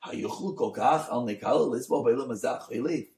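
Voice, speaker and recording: A man, a rabbi, giving a Torah class on a Mussar text, mixing Hebrew terms into English and swinging from soft to loud. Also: mid-range voice, a little fast, roomy sound. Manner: expressive, dynamic delivery, swings from soft to loud.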